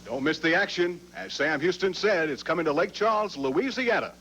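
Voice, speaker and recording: A man announcing upcoming wrestling shows in a smooth, promotional style. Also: fairly high pitch, animated, moderate pace, a bit bright, muffled recording. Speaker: show announcer.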